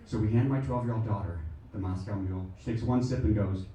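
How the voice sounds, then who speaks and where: A middle-aged American man doing stand-up comedy on a small theatre stage, talking in an animated, exaggerated way and acting out characters. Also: quick pace, very noisy. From United States. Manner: animated, exaggerated, acts out shrill voices. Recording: echoey room mic'd from a distance. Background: audience laughter.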